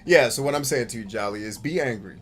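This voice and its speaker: A man of middling pitch hosts a gaming show, talking over his play in loose, unscripted commentary. He is blunt and swears freely, and he breaks into jokey asides. Game music runs softly behind him. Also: quick pace. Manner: blunt, profane and emphatic; laughs easily, jokey asides. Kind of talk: casual gameplay commentary.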